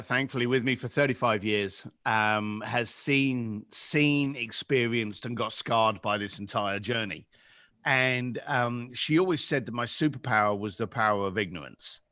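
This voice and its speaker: A man in his fifties with a London accent, a podcast guest telling animated stories and acting out the voices in them. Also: medium pitch, a little slow, no room sound, studio quality. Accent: London English. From England. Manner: lively, acts out voices in anecdotes. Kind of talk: animated storytelling.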